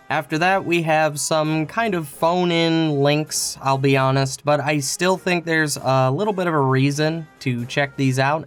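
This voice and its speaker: A man narrating a scripted game tutorial, explaining in a casual, friendly way. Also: a little high. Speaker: game guide creator.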